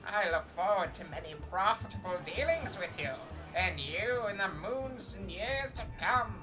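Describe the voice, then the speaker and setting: A woman's voice: mid-range voice, lively intonation, moderate pace, natural voice. A woman doing a hearty old merchant man. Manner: folksy old-timey speech with drawled words. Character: jovial old male merchant, rustic and boastful. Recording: music playing underneath.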